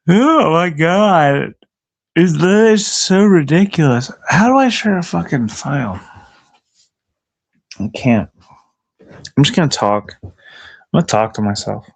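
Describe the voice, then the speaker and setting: Angry profane streamer ranting slowly. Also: male voice, fairly high pitch, sing-song, vocal fry. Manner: angry, profane, talking to chat and himself. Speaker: livestreamer. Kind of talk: profane rant on a livestream. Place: outdoors in the cold.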